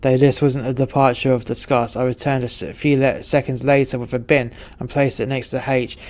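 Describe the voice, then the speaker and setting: A man narrating a story in a wry, profane, deadpan way. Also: medium pitch, brisk.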